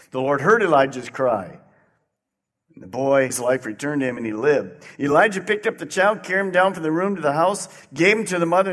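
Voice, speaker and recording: Pastor, male, slightly high voice, dynamic preaching with loud peaks and quiet drops, long hall reverb. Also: animated, a little fast. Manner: dynamic preaching, swinging between loud emphasis and quiet lows. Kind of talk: sermon.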